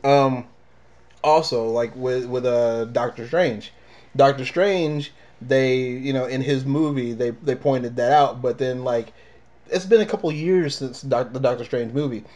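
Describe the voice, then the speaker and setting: Man, middle pitch, rambling, casual review chat, co-host. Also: measured pace, darkish tone. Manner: rambling, with many fillers and restarts. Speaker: comic review show co-host.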